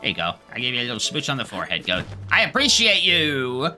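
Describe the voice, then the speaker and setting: A man rambles and jokes through casual gameplay commentary, his bright voice leaping around in pitch, with the odd curse thrown in. Faint game music hums underneath. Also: brisk, hardly any pauses. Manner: rambling, joking, swearing, animated. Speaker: gaming video host.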